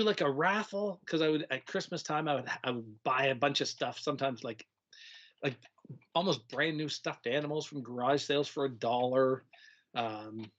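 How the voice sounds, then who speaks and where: Animated middle-aged man, slightly dull audio. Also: a little high. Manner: animated, acts out kids' voices, laughs often. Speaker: retired teacher, guest. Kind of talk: casual storytelling conversation.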